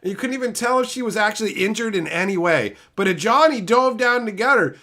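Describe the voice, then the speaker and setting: A streamer in his thirties with a high, bright voice that swings all over the place. He rants, swears freely and answers viewers by name as he plays. The tone is sharp and excitable. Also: moderate pace. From Canada. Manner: animated, profane ranting, answering chat by name. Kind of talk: live-stream chat with viewers.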